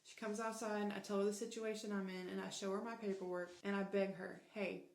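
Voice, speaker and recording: Woman narrating her own confession story, matter-of-fact, little pitch movement, quotes dialogue. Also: little pitch movement, brisk. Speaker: former corrections officer telling her story. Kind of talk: first-person storytelling.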